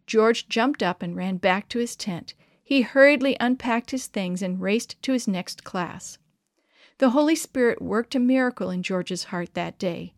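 A woman reading a children's story aloud in an expressive, measured way. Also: mid-range voice, no echo, studio quality.

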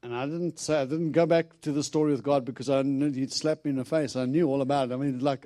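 A man's voice: mid-range voice, fast, few pauses. A man preaching to a congregation, telling stories with acted-out quotes and frequent laughter. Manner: animated storyteller, acts out quotes, laughs often. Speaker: itinerant preacher. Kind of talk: storytelling sermon.

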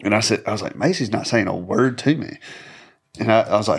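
A man's voice: lowish voice, fairly quick, breathy edge. A man on a casual podcast, rambling through a laid-back story with lots of restarts.

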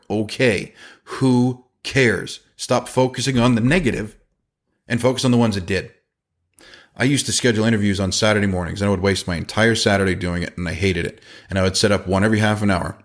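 A man in his forties hosting a casual podcast, giving advice with quick asides and a storyteller's energy. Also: lowish voice. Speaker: podcast host and business owner.

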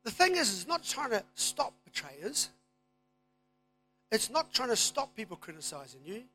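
A man preaching a sermon, moving from quiet asides to loud, emphatic declarations. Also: sits high, sing-song, moderate pace, soft background music. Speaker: pastor.

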